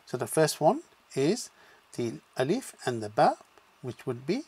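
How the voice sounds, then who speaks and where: This teacher's voice is a little high with a breathy edge and big swings in pitch, and he takes his time. Leading beginners through a slow, drill-based language lesson, he patiently sounds out each syllable before joining them into words, saying "okay" frequently.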